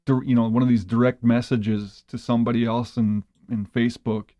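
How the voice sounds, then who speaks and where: A man's voice: mid-range voice, flat delivery, brisk, mellow, no room sound. A man from the United States talking in a casual chat, easygoing and explaining things at length with plenty of fillers.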